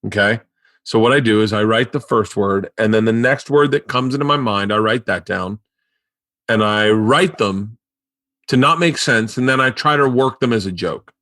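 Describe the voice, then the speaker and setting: A man's voice: fairly low pitch, normal speed, dry recording, studio quality. Rambling, profane male podcast host. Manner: rambling, profane, excitable storytelling. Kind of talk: casual chat.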